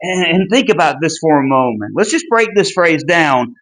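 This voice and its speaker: A man teaching a Bible class, earnest and emphatic, with a deliberate delivery and small restarts. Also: a little high, animated, a bit bright, poor audio. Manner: earnest and emphatic, pleading in tone when driving a point home. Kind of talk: Bible study lesson.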